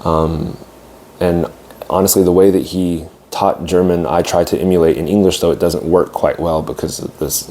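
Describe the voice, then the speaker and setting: Low, mellow-voiced man telling his story. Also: fairly even intonation, moderate pace, a little hiss or hum. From United States. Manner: reflective, hesitant with fillers and restarts. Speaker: English teacher. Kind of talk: casual storytelling monologue.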